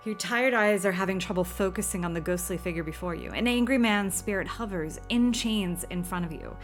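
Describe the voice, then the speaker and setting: A woman's voice: medium pitch, a little fast, hardly any pauses, soft background music. A woman playing through an old horror computer game, reading its text aloud with dramatic flair and dropping wry asides. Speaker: game streamer.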